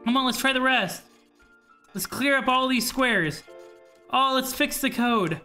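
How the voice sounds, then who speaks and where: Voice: sits high, a little slow, bright, forceful tone, pitched above the performer's own voice. A gamer voicing the earnest child hero of a video game, reading its lines aloud in a pleading way over faint music. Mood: hopeful.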